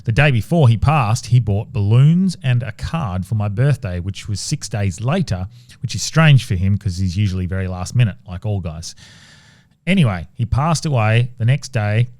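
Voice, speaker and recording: A man with a lowish voice reads listener ghost stories on a podcast in a relaxed, offhand manner, often stumbling and restarting lines. The sound is dry and close to the mic, with no room echo. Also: normal speed. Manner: relaxed, swears casually, trails off and restarts while reading. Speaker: podcast co-host. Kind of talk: casual podcast chat, reading listener stories aloud.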